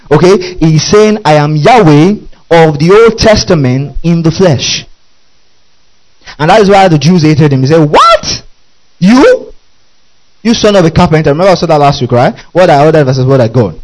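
A man with a fairly high voice preaches a sermon. He is emphatic, keeps asking his congregation whether they are following, and drops in hallelujahs and amens between points. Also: a little mellow, rough recording. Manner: repeats questions to the congregation, emphatic; interjects hallelujah and amen. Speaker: pastor.

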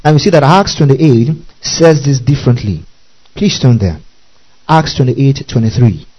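A man's voice: mid-range voice, expressive, normal speed, darkish tone, husky, dull audio. A man preaching a Bible-study sermon, repeating key words, spelling out Greek terms and often checking in with his listeners.

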